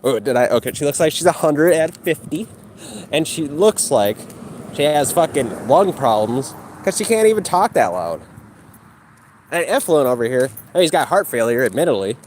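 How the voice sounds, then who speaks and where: A man's voice: on the high side, sing-song, moderate pace, darkish tone, a little hiss or hum. A man ranting and mocking his critics with heavy profanity while he exercises outdoors. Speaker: livestreamer.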